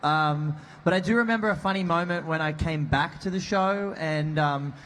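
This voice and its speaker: Aussie guy joking around on a con panel, kinda high voice, bit of hall noise. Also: moderate pace, a bit bright. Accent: Australian. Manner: joking, self-deprecating, storytelling. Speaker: actor on a convention panel. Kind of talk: casual panel talk. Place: convention hall on stage.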